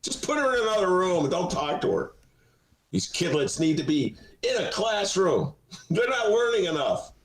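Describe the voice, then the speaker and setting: A man hosting a casual political talk show, sarcastic and quick to laugh. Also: high-pitched, very animated. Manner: sarcastic, laughs often, jumps into silly voices. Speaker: podcast host. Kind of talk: casual comedic political chat. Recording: echoey room.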